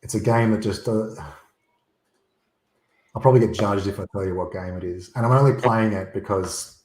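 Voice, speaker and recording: A man's voice: on the low side, steady tone, normal speed, a little mellow, reverberant, poor audio. A man talking bluntly and emphatically as a guest on a casual livestream, rambling through his points. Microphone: USB desktop microphone.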